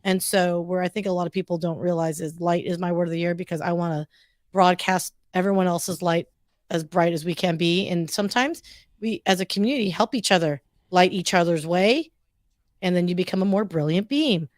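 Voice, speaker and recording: A woman's voice: lowish voice, brisk, dry recording, studio quality. An upbeat, chatty woman hosting a casual conversation between friends. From United States. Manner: chatty, upbeat, lots of fillers. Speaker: host. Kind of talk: casual chat.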